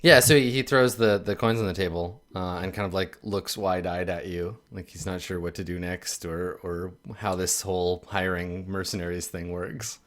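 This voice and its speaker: A man narrating as game master in a tabletop game, with many pauses and fillers. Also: sits low, steady tone, fairly bright tone. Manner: hesitant, full of fillers, lightly amused.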